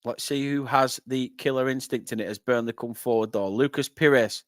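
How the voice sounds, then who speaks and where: A young northern English man hosting a live football watchalong, chatting with viewers and breaking into excited play-by-play. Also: medium pitch, normal speed, dry recording, clean studio sound. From northern England. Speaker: fan channel host.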